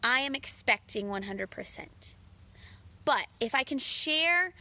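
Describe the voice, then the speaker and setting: A woman's voice: sits high, lively intonation, takes it slowly, bright, forceful tone. A married woman talking earnestly about relationships, speaking straight to listeners as her friends and acting out her own quoted lines. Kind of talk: casual direct-to-camera talk.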